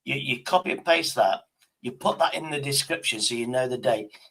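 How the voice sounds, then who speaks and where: A man's voice: mid-range voice, moderate pace, a bit bright, slightly rough. A man livestreaming in casual chat, rambling to himself and swearing constantly.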